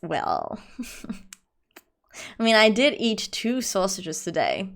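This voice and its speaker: A woman's voice: medium pitch, wildly swooping pitch, takes it slowly, fairly bright tone. A young woman livestreaming and chatting with her audience, rambling with lots of fillers and calling viewers "my love". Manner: rambling, filler-heavy, affectionate with chat. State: allergies. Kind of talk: casual livestream chat.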